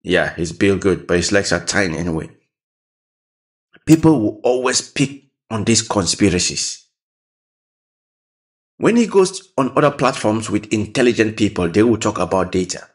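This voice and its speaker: A man with a fairly low voice reacts casually to a clip, speaking in a plain conversational way. He often repeats a phrase to drive his point home. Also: sing-song, normal speed, pauses often. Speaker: reaction video host. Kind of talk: casual commentary over a clip.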